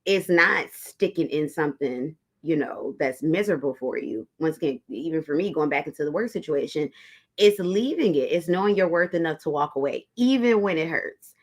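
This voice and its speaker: Chatty woman tarot reader, low voice. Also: a little fast. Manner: chatty, talks straight to viewers as y'all, reads comments aloud. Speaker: tarot reader hosting a livestream. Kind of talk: casual livestream chat with viewers.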